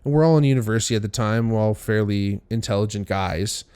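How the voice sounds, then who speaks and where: A man's voice: on the low side, fast, clean tone. A young man hosting a podcast, telling a story casually and animatedly, swearing often and acting out what people said. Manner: profane, animated storytelling with voiced quotes. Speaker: podcast host.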